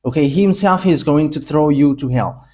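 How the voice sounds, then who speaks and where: Male preacher, emphatic sermon delivery, mellow dark tone. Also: on the high side, normal speed. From Madagascar. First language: Malagasy.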